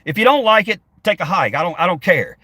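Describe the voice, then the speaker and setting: A man's voice: high-pitched, animated, fast talker, bright, forceful tone, dry recording. A middle-aged man livestreaming from his car on a phone, reading chat comments and answering them in a combative, sarcastic, foul-mouthed rant. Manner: combative and sarcastic, swearing often. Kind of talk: profane live-stream rant. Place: in a car while driving.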